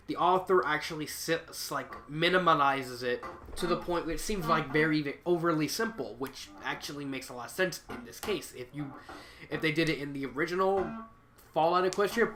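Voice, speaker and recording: Young male reviewer with a head cold; rambling and self-correcting; bright, slightly high voice. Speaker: fan fiction reviewer. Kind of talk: casual spoken review.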